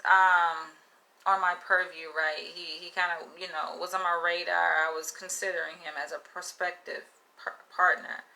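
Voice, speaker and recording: Woman livestream host, lowish pitch, sharp bright tone, blunt and profane. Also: creaky, rough recording. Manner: frank, profane and emphatic, laughing often. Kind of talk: casual livestream monologue.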